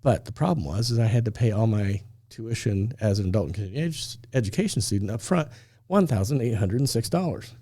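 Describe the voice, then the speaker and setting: A middle-aged man from Indiana spins a personal story on a podcast. His voice is mellow and dark. He talks casually, laughs often and acts out every line of dialogue. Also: lowish voice, lively intonation, fast talker.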